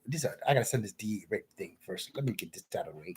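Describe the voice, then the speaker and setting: A man's voice: on the low side, lively intonation, quick pace, a little hiss or hum. A man talking in a rambling solo monologue, drifting from thought to thought and calling the listener "man.".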